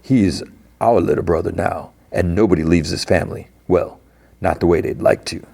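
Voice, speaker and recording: A man voicing a smug, menacing male gang boss who talks slowly and dismissively. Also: low voice, gravelly, mellow, husky, heavily acted. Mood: smug threat.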